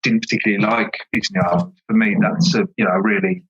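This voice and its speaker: A man's voice: lowish voice, lively intonation, quick pace, vocal fry, fairly bright tone, highs cut off. A man, an author being interviewed, chatting casually and enthusiastically, rambling with lots of "you know" fillers. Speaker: author and podcast guest.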